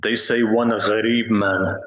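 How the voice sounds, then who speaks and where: A man reciting a slow, grieving Muharram sermon in a mosque, telling a story with quoted speech. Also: lowish voice, flat delivery, a bit bright. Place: mosque hall. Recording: roomy, dull hall recording.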